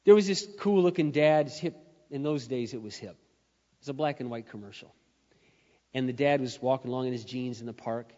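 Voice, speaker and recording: A man preaching a sermon in a church, telling stories and building to loud, emphatic peaks. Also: mid-range voice. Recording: dull sound with long hall reverb.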